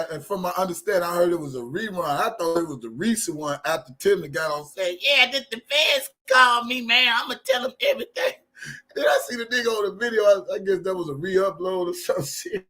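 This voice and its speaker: Loud laughing male live-stream host. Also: high voice. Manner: loud, laughs hard, mimics others mockingly. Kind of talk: casual live-stream commentary.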